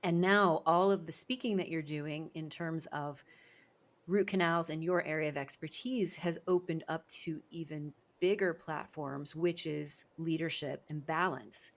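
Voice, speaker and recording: A woman's voice: deep voice, steady tone, a little slow. A woman hosting a podcast interview as a speaking coach, talking in an effusive, praising way. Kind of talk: interview conversation.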